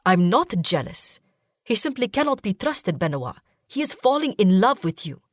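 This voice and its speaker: A woman's voice: medium pitch, sing-song, moderate pace, dry recording, studio quality. A woman voicing a protective, jealous young husband, a sultan, speaking tersely and guardedly.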